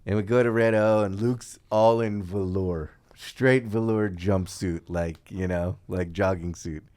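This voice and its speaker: A middle-aged man telling a story as a podcast guest, animated and laughing, acting out other people's voices. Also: low voice, measured pace. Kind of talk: casual storytelling chat.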